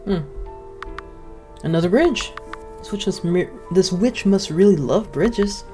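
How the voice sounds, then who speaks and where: A woman's voice: mid-range voice, measured pace, dark tone, soft background music. A woman giving casual gameplay commentary, chatty and giggly with playful suspicion. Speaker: gaming channel host.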